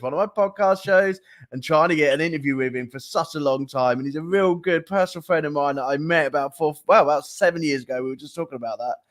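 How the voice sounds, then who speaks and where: A man's voice: a little high, fairly bright tone. A male host opens a live interview show with easy, chatty energy. He talks in a slightly raised voice and laughs freely between questions. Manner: chatty and upbeat, laughs easily.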